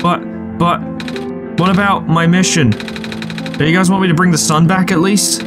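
A man's voice: high-pitched, fairly even intonation, moderate pace, over loud music, close to an everyday voice. A man voicing an anxious lost child character in a game, asking small, worried questions.

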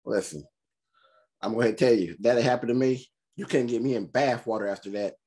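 A man hosting a movie reaction, talking in an animated, slangy way with quick joking asides. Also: medium pitch, breathy edge. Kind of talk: casual reaction commentary.

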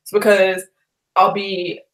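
A woman's voice: medium pitch, takes it slowly, rough recording. A woman hosting a book club chat, ranting loosely and swearing often. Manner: ranting, profane, animated storytelling. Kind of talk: casual chat.

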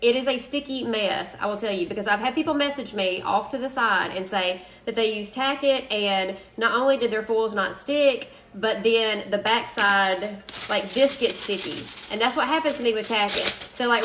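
A woman's voice: fairly high pitch, moderate pace, fairly bright tone, echoey room, slight background noise. A woman with a Southern US accent hosting a casual craft live stream, chatty and greeting viewers, saying y'all often.

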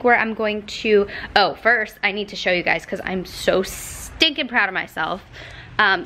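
A young woman vlogging casually at home, chatty and quick, sometimes out of breath and cooing at her dogs in a high voice. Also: a bit bright, a little hiss or hum. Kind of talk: casual vlog talk to camera. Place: at home indoors.

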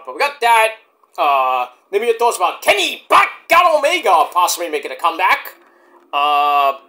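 A man's voice: fairly high pitch, pushed and bright. A man hosting a wrestling vlog, rambling casually to camera with profanity and self-deprecating asides. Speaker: wrestling vlogger.

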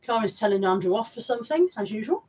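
Woman nattering away on a home livestream, bit husky, highish voice, swears casually. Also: lively intonation, quick pace, darkish tone. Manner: chatty and informal, swears casually, coos at her dog. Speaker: livestream host. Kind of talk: casual live chat, reading viewer comments. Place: at home with piles of stuff around her.

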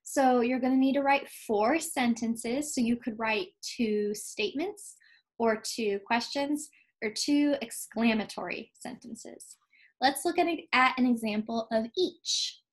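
A woman teacher giving a recorded lesson to young children, patient and clear, slowing down to stress key words. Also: fairly high pitch, poor audio. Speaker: second grade teacher.

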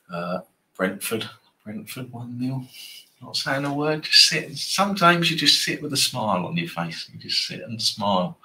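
A man's voice: on the low side, fairly bright tone, slight background noise. A man hosting a live football trading stream, chatting casually and bantering with viewers in a rambling way.

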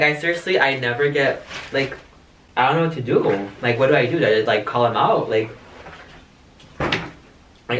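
A young man vlogging casually in his bedroom, rambling and swearing with lots of fillers, caught on a hidden camera. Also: mid-range voice. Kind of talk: casual vlog talk. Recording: echoey room, far from mic, faint hiss.

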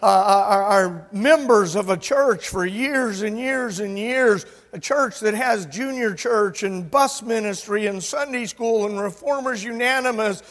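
A pastor in his sixties delivers an emphatic sermon in a high voice. He swings between loud declarations and quiet asides, and the words ring out with long reverb in a church sanctuary. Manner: emphatic preaching, loud and soft by turns.

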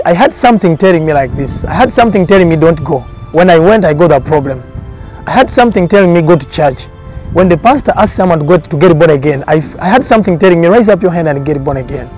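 Faint, soft music sits under this documentary interview as a prophet offers his testimony. His voice is slightly higher, and he speaks with earnest conviction in a repetitive, preaching rhythm.

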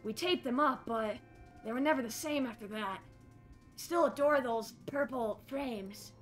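A wistful young woman looks back on a lost love in a slow, bright, high voice, speaking softly in a game voice-over, as a woman voices her. Her tone stays tender and reminiscing. Faint music plays underneath.

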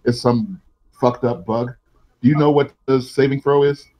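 Mellow-voiced male game master. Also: mid-range voice, normal speed, low-quality recording. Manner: relaxed, joking rulings. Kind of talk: running an online tabletop game.

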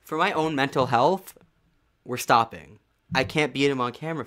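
A man doing gameplay commentary, getting excited, cursing and muttering to himself as he plays. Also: mid-range voice, normal speed. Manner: excitable, swears a lot, mutters to himself, yells at the game. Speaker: let's play gamer.

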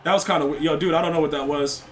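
Over slight background noise, a young man races along in a fairly high, steady-toned voice. He live-streams a game, chatting casually with viewers and trash-talking opponents in loose, rambling slang.

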